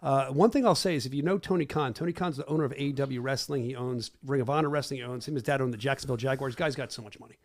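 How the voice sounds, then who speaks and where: In casual podcast chat, a middle-aged male host talks over video clips in a brash, joking way. His mid-range voice races along with hardly any pauses.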